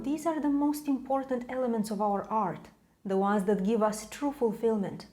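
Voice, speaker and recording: A woman teaching piano in a scripted video lesson, speaking in a measured, emphatic way with dramatic pauses. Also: fairly high pitch, warm tone.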